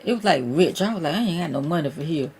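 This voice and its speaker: A woman's voice: deep voice, animated, quick pace, a little mellow, slight background noise. A woman hosting her own livestream, chatting casually with viewers and calling them "y'all" and "child". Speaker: livestream host.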